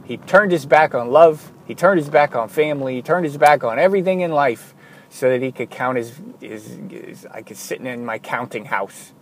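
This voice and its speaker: A man's voice: a little high, moderate pace, poor audio. A man hosting a solo podcast, ranting in a worked-up way, often interrupting himself and apologizing. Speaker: podcast host.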